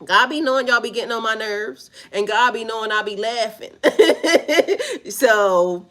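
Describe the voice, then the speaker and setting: Bright-voiced woman, laughing, blunt. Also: a little high, expressive, unhurried. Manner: laughs often, blunt and profane; slangy, repetitive, talks to chat. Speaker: spiritual reader. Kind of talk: casual livestream chat.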